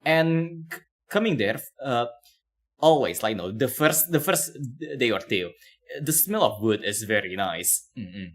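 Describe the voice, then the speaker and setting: Rambling streamer guy with a lively voice. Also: medium pitch, unhurried. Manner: rambling, lots of fillers, frequent laughs. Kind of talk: casual reaction-stream commentary.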